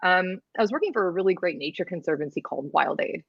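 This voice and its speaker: A Canadian-born woman, a video editor, chatting casually as a podcast guest, explaining with lots of fillers and quick laughs. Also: fairly low pitch, lively intonation, creaky, slightly rough, no echo, dull audio.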